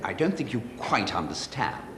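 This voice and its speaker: A genteel art tutor whose polite, formal voice swoops up and down with lively pitch. His lines sit on a TV soundtrack with clear background noise behind them. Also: moderate pace. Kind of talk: soap opera acting.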